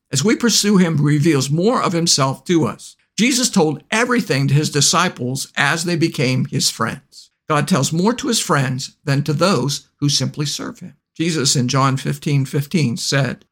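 A man giving a devotional teaching in a slow, deliberate way, dropping to a near murmur as he recites scripture. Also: fairly high pitch, fairly bright tone.

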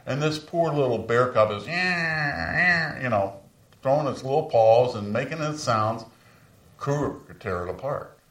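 A pastor in his sixties preaches a sermon through stories, raising his pitch to lift his voice for emphasis. His delivery is expressive and measured with a fairly bright tone, and the voice comes from far off in an echoey room.

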